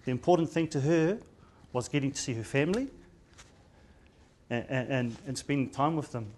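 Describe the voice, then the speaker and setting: A man's voice: mid-range voice, moderate pace, darkish tone, a little hiss or hum. A middle-aged man with a New Zealand accent, a general practitioner giving an informal seminar talk, chatty and full of stammers and restarts, dropping in Māori words. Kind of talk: informal conference presentation.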